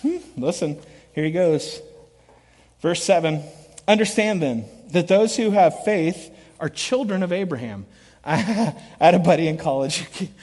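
Middle-aged male pastor, high voice, big-hall reverb, storyteller's sermon that swings from loud quotes to hushed asides. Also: measured pace. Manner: animated storytelling, shifts between loud acted quotes and quiet earnest asides. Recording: long reverb of a large hall.

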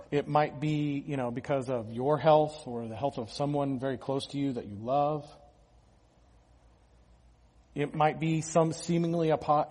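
A pastor delivering a conversational sermon, talking casually with restarts and the odd small laugh. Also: male voice, medium pitch, darkish tone, in a large hall.

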